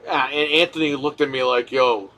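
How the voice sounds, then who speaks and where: A man chatting casually on a live stream, telling a profane, animated story. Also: mid-range voice, moderate pace.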